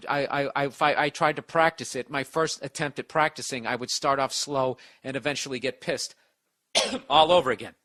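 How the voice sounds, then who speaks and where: A man's voice: medium pitch, pushed and bright. A middle-aged man hosting a podcast, ranting and giving advice in a profane, exasperated, sarcastic way. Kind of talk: ranting comedic podcast monologue.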